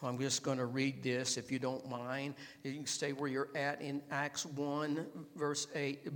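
A man preaching a sermon as pastor, dropping his voice low and then building up to loud, emphatic exhortation. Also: monotone, measured pace, few pauses, big-room sound.

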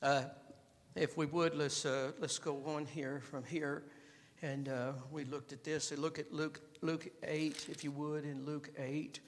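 Male pastor, high voice, emphatic swings from hushed to loud; reverberant hall sound. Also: level tone, a little slow. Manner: emphatic preaching, dropping low then building to loud exhortation. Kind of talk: sermon.

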